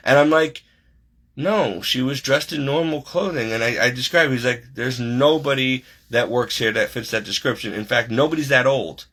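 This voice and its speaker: A man's voice: medium pitch, normal speed, fairly bright tone. A man telling a personal story over a video call, rambling with many fillers and restarts.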